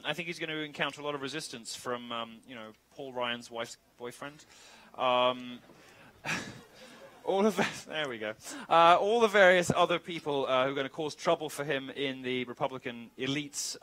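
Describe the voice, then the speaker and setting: Bright-voiced man giving a sardonic speech. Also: a little high, poor audio. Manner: sardonic, chatty, with joking asides. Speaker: guest speaker. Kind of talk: live Q&A speech.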